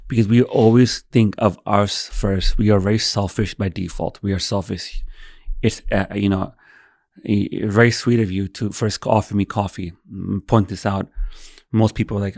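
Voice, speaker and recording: A man in his thirties with a low voice, telling an emotional story with animated energy and acting out every line of dialogue. He swears freely and the recording is dry and close. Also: unhurried, no room sound. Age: 30s. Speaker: podcast guest.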